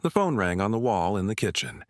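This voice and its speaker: A man narrates a long story in a slow, measured manner. His voice sits low, and the recording is dry and close. The reading stays even throughout. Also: no room sound.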